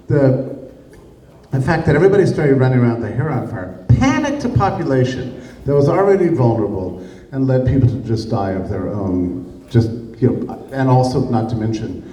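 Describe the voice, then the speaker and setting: A man's voice: medium pitch, big pitch swings, moderate pace, warm tone. A man giving a public talk in an emphatic, sarcastic way, with rhetorical asides to his audience. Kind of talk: public lecture. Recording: echoey room, heard from a distance, faint noise.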